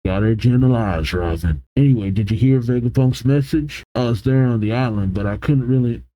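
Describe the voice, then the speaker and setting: A man reading aloud as a gentle elderly giant scholar, chuckling and fatherly. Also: mid-range voice, brisk, lightly acted, low-quality recording. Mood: tender. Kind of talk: manga read-aloud.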